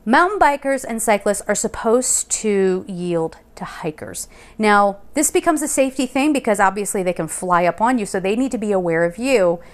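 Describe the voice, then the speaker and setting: A young adult woman vlogging, telling a rambling personal story in a chatty, animated way and laughing now and then. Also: medium pitch, normal speed. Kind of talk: casual storytelling. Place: Colorado Springs.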